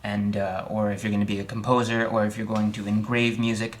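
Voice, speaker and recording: A man's voice: fairly low pitch, flat delivery, brisk. A man teaching an online music theory lesson at a piano, explaining step by step with dry humor and frequent checks of "okay?". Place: room with a piano.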